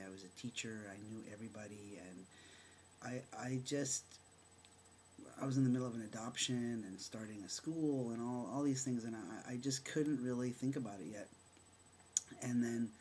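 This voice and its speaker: A middle-aged man candidly telling a personal story, animated and halting, with fillers and restarts as he acts out remembered dialogue. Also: medium pitch, slight background noise. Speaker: storyteller sharing his own experience.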